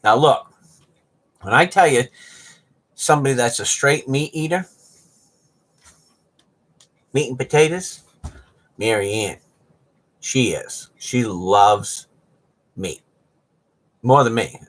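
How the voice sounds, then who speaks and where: A man's voice: medium pitch, animated, slow, pauses often. A man chatting casually and rambling on a livestream, joking and laughing often. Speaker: livestream host.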